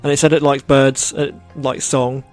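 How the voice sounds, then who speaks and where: A man's voice: mid-range voice, little pitch movement, normal speed, faint music behind. A man playing a tabletop role-playing game, chatting casually and playfully. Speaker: player. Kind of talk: tabletop role-play chat.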